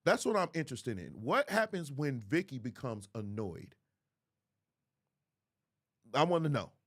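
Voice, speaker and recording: A man's voice: medium pitch, sing-song, measured pace, a bit bright. A man, hosting a livestream commentary in an emphatic, preachy way, repeating phrases for effect. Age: 40s. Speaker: host.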